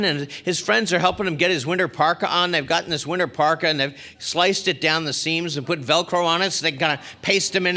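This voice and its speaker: A middle-aged man giving a spiritual talk at a recovery convention, telling a story and acting out the people in it. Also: on the high side. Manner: animated storyteller acting out quoted characters. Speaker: spiritual speaker. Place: large convention hall.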